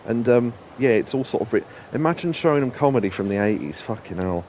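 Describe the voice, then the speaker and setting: A man in his thirties with a naturally deep voice, chatting casually as a gaming streamer, rambling and swearing freely. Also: animated, fast, darkish tone, a little hiss or hum, low-quality recording. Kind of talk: casual let's-play commentary.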